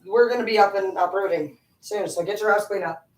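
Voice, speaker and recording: A woman vlogging at home in a rambling, profane, animated monologue. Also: medium pitch, a little fast. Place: home, indoors. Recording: echoey room, voice from a distance.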